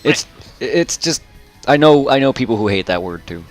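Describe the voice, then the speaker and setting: A man's voice: mid-range voice, animated, moderate pace, soft background music. A man chatting casually while streaming a game, rambling and repeating himself. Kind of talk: casual chat while gaming.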